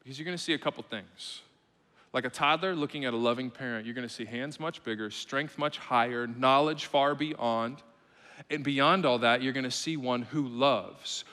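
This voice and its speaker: A bright, forceful man in his thirties preaching from a church stage, his voice ringing through the long reverb of a large hall. He talks like a conversation, dropping low and quiet, then climbing loud and emphatic, stacking repeated phrases and tossing in "right?" to the room. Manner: repeats phrases in quick lists with tag questions like "right?". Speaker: pastor. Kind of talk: sermon. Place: church auditorium.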